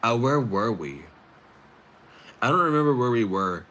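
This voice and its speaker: A man hosting a spiritual talk stream, rambling casually with many fillers and pauses. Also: medium pitch, big pitch swings, fairly bright tone. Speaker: tarot stream host.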